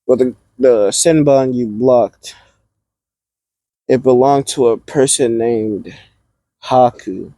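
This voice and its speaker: A man voicing a calm, level-headed male ninja ally in an improvised fan story, speaking in a measured, reasoning way. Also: medium pitch, no echo, close to an everyday voice, rough recording.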